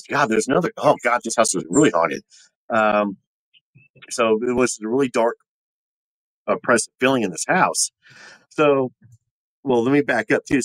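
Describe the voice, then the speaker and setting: Man, low voice, casual rambling storyteller, animated, dry close sound. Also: no echo, low-quality recording. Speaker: podcast guest, former Army Ranger. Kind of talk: casual storytelling of personal ghost stories.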